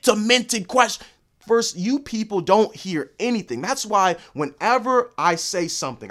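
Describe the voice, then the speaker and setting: A man's voice: high-pitched, fairly bright tone. A young man ranting about fighting news in a heated, profane monologue, repeating his points and acting out the people he quotes. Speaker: MMA commentary vlogger.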